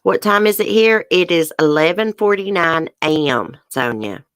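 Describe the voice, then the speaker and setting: Middle-aged Southern woman, livestream host, low and chatty, dry close sound. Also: lively intonation, moderate pace, clean tone, no room sound. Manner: chatty, laughs often, says y'all. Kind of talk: casual livestream chat with viewers. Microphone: webcam or phone close up.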